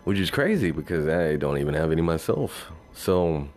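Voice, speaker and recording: A man's voice: very deep voice, big pitch swings, moderate pace, a little mellow. A man talking in a loose, rambling monologue, swearing freely and saying "you know" over and over. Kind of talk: casual monologue.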